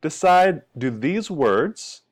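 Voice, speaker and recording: A man's voice: fairly high pitch, sing-song, slow pace. A man teaching English pronunciation, patiently modeling and repeating each sound for learners. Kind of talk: language lesson.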